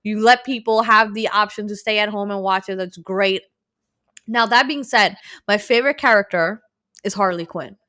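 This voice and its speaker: A woman's voice: medium pitch, moderate pace, pushed and bright. A woman co-hosting a casual podcast chat, giving blunt opinions, teasing her co-host and talking straight to viewers.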